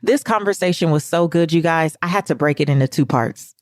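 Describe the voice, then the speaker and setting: A woman's voice: low voice, brisk, no room sound, studio quality. A woman hosting a podcast, talking with effusive, rambling enthusiasm. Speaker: podcast host. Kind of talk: podcast intro and interview chat.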